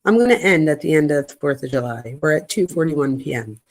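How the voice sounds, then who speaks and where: A woman's voice: low voice, lively intonation, fairly quick. A woman host of a true crime channel, reading text messages aloud and adding chatty asides to viewers.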